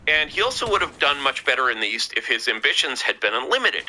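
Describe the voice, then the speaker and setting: A man's voice: mid-range voice, sing-song, fast talker, sharp tone, a little hiss or hum, poor audio. A man talking as a podcast guest in casual conversation, rambling with many fillers and restarts.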